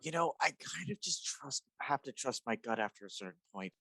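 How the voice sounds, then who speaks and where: A man's voice: medium pitch, expressive, brisk, bright, forceful tone, no echo. A man playing his character at a tabletop game, talking in a dry, sardonic way. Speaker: player.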